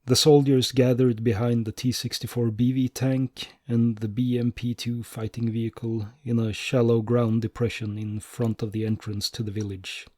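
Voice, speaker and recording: A man from the Nordic region reading his own war memoir aloud in a steady, measured narrating voice. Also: lowish voice, no room sound, clean studio sound. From Sweden or Finland. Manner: steady, measured narration, swelling at key moments.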